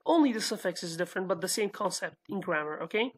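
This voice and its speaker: Kurdish-accented woman, native Kurdish speaker, mid-pitched teacher voice, patient and step-by-step, keeps checking in with the learner. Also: fairly quick, few pauses. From Iraqi Kurdistan, Sulaymaniyah. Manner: patient, explains step by step, often checks with "okay?". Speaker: language teacher. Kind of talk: online language lesson.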